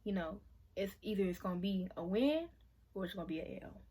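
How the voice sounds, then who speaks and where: A young woman of about twenty talks straight to her camera, venting in a loose, conversational way. Her voice sits at an ordinary middle pitch. She swears freely as she speaks her mind. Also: expressive, a little fast, mellow, slightly rough. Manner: emotional, venting, frank with swearing. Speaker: vlogger. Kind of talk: casual confessional vlog.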